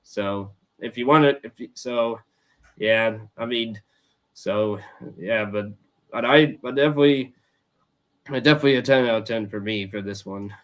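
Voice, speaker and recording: A young man hosting a casual roundtable chat, talking haltingly with many restarts and repeated words. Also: on the low side. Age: young adult. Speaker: host.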